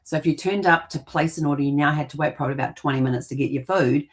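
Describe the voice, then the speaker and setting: A woman's voice: low-pitched, very fast. A middle-aged woman, hosting a family history show and telling rambling childhood stories with restarts and laughter. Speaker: genealogy podcast host. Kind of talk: casual storytelling monologue.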